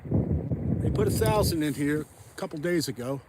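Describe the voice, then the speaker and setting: A man vlogging as he ice fishes outdoors on a frozen pond, rambling and thinking out loud into a phone camera. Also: fairly high pitch, lively intonation, moderate pace, heavy background noise. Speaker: fishing vlogger. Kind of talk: casual narration while ice fishing.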